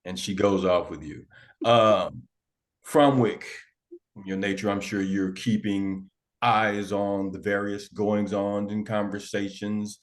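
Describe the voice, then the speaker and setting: A man running a tabletop game as game master, setting the scene and asking players what they do. He speaks slowly in a low voice. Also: little pitch movement. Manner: descriptive, prompting players.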